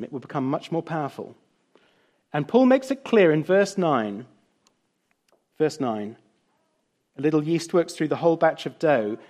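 A man preaching a sermon, telling stories and acting out the quoted lines. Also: fairly high pitch. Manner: animated storytelling, voices quotes.

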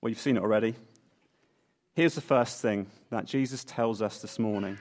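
A man preaching a sermon at the front of a church, telling a Bible story in a playful, animated way. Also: lowish voice, moderate pace.

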